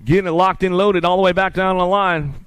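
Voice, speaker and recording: A man's voice: sits high, fairly even intonation, fairly quick, a bit bright, smooth, dry recording. A man calling live races as the announcer, rattling off play-by-play and bantering with the crowd. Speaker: race announcer. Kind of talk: live race commentary.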